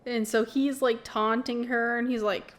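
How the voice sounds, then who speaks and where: A woman's voice: on the high side, fairly even intonation, a little slow. Giggly young woman reading aloud. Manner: giggly, blunt, swears freely. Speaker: book vlogger. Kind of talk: casual reading vlog with commentary.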